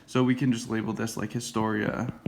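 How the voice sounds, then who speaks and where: A man giving a casual classroom lecture, often checking in with "okay?" and "right?" and dropping into quiet whispered asides. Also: lowish voice, flat delivery, a little fast, vocal fry, background noise. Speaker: teacher.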